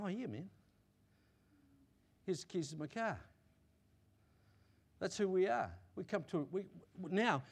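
A male pastor preaching to his congregation, swinging between loud emphatic declarations and quiet asides, often repeating himself and checking that listeners are with him. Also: high-pitched. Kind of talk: sermon. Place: church.

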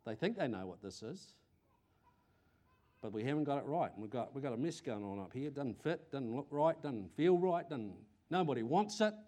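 A man's voice: mid-range voice, moderate pace. Older man, New Zealand accent, preacher, sermon, repeats himself, rising and falling delivery. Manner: animated, repeats words, asks the congregation questions.

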